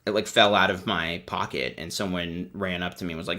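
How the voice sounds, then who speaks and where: A man's voice: deep voice, fairly even intonation, fairly quick, bright, forceful tone. A man hosting a livestream, giving sarcastic, rambling commentary in a casual chat. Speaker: host.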